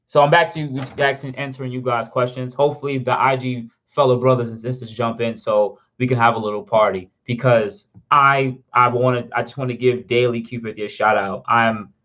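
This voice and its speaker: Excitable man hosting a car livestream. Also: mid-range voice, muffled recording. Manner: excitable, rambling, reads chat aloud. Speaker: car channel host answering live chat. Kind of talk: casual livestream chat.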